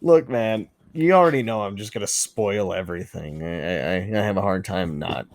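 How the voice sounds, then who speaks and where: A man's voice: sits low, gravelly. A man co-hosting a podcast, chatting casually and profanely about wrestling, laughing and riffing on jokes. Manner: excitable, profane, quick to laugh and riff. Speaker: podcast co-host. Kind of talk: casual wrestling recap chat.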